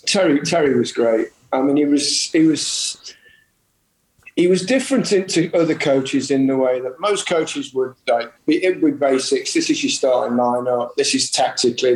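A man from England, a former footballer, telling relaxed anecdotes in a casual chat, chuckling and restarting his sentences. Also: medium pitch. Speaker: interview guest, former footballer. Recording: roomy sound with faint background noise.

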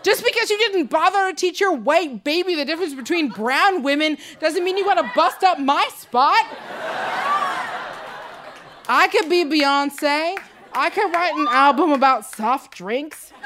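A young woman with a high voice performs stand-up into a live club mic. She talks in an animated way, laughs along, and jumps up into squeaky highs for her punchlines. A faint crowd hum and some noise sit behind her. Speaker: stand-up comedian. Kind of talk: stand-up set before a live audience.

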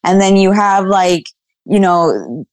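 A woman's voice: mid-range voice, expressive, slow, darkish tone, no room sound. A woman in casual conversation, speaking frankly and earnestly with the odd laugh. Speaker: guest content creator. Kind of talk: casual chat.

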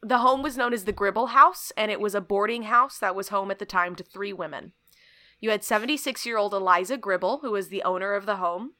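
Bright-voiced woman podcast host, playful. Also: mid-range voice, fairly quick. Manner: playful, laughing, jokey asides. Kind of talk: casual chat, storytelling.

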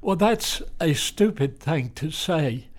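An older man with a fairly high voice talks very slowly. He is blunt and matter-of-fact, speaking as a doctor guest in a casual interview. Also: lively intonation. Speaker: retired physician guest.

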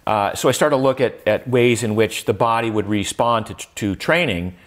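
A man's voice: fairly low pitch, normal speed. Older man telling his story, reflective. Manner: reflective, many restarts and fillers, rising emphasis. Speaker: guest. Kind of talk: conversational interview.

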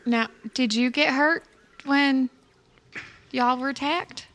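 A woman voicing a gentle, motherly adventurer who speaks in a soothing tone. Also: sits high, fairly even intonation, takes it slowly, exaggerated voice. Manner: soothing, soft-spoken.

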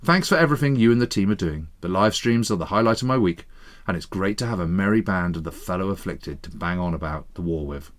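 A man with a notably deep, low-pitched voice reads aloud with a measured, earnest delivery. It sounds like a scripted podcast segment. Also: lively intonation. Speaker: reader of listener letters.

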